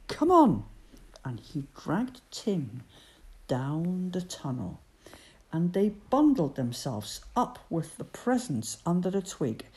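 A woman reading a storybook aloud with expressive, gentle storytelling. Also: on the low side.

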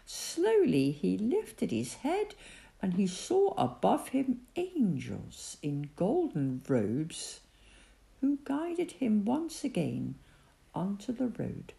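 Woman reading a kids story slow, warm gravelly voice, very animated pitch. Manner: expressive, dramatic reading.

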